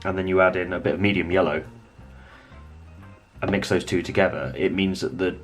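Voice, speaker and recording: A man with a very low voice talks through a painting tutorial at home. He rambles a little and thinks aloud as he works. Faint music plays behind him. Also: fairly quick. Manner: relaxed, rambling, thinks aloud while working. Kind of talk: casual hobby tutorial.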